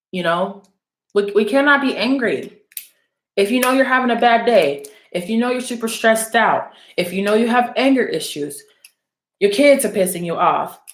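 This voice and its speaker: A woman's voice: a little high, a bit bright, echoey room. A young adult woman telling a story and giving blunt advice in a casual vlog, swearing freely and often asking "okay?". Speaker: oracle card reader and channel host.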